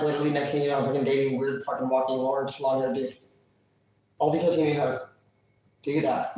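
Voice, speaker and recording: A man's voice: fairly high pitch, a little mellow, distant mic. A man telling a rambling, profane story about an ex, acting out the other voices. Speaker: vlogger. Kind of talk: casual storytelling. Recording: very echoey room, away from mic.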